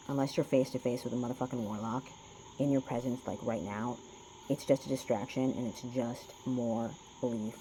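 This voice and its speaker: A man's voice: mid-range voice, warm tone, a little hiss or hum, poor audio. A man rambling through a spiritual card reading, swearing often and lecturing his listeners. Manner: profane, preachy, talks to himself. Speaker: spiritual vlogger doing a reading.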